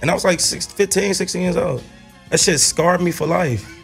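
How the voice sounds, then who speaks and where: A man's voice: high voice, moderate pace, vocal fry, soft background music. Joking young man hosting radio banter. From Gary, Indiana. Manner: loose, joking, profane banter. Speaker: co-host reading questions. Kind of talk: casual radio chat.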